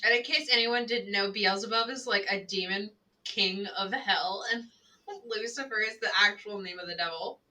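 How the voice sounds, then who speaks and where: Bright rambling woman telling a story. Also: medium pitch, normal speed, far from the mic, low-quality recording. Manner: rambling, fills talk with "like". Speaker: tabletop game player. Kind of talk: casual storytelling among friends.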